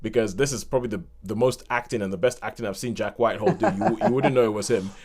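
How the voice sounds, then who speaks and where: A man from Nigeria co-hosting a podcast, chatting casually about films in a lively way and laughing often. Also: fairly low pitch, quick pace, slightly rough. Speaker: podcast co-host.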